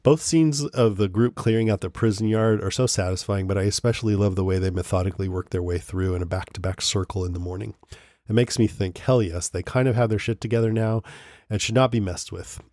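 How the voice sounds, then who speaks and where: A podcast host with a low voice reads listener emails in a relaxed, chatty show, laughing often as he reacts. He speaks briskly, and the recording is close and dry with no room sound or echo.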